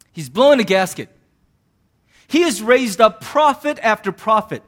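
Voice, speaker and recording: A male pastor preaching a sermon in a conversational, animated way, with sudden bursts of emphasis. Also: very high voice.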